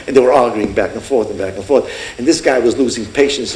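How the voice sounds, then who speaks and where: A man in his sixties telling a heartfelt story at a fundraiser, earnest and warm, often acting out the people in his story. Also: medium pitch, fast. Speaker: speaker at a fundraiser. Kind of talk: emotional storytelling speech. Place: event hall. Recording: echoey hall with faint room noise.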